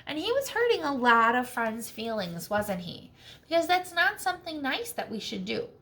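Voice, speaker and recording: Bright, gravelly-voiced teacher reading aloud. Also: female voice, high-pitched, moderate pace. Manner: expressive, asks children questions. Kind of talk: reading a storybook aloud to children.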